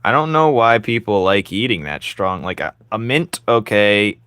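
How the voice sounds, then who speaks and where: A man's voice: on the low side, animated, normal speed, fairly bright tone, clean tone, dry recording, studio quality. Joking young man streaming while drawing. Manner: joking, teasing, laughs often. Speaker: streamer drawing live and reading chat. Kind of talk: casual livestream chat while drawing.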